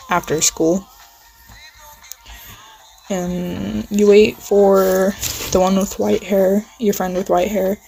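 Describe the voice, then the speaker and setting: A woman slowly talks a listener through an improvised second-person role-play story, drifting off into "um"s and little apologies as she goes. She sits at a middle pitch with no marked rise or fall, and a song plays faintly in the background. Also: vocal fry, darkish tone, low-quality recording. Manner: rambling, heavy on fillers, apologizes and restarts. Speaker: channel host. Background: faint music playing.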